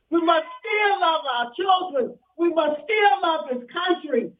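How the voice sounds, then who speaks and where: A woman's voice: very high-pitched, lively intonation, measured pace, few pauses, phone-quality sound. An older woman from Alabama gives a fiery rally speech in a call-and-response preaching cadence over a public address system outdoors. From Alabama, US South. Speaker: rally speaker.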